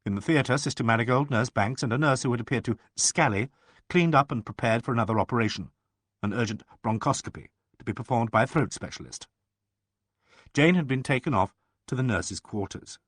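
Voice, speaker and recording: A man reading a mystery audiobook aloud in an expressive, animated narration. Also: mid-range voice, fairly quick, no echo, clean studio sound.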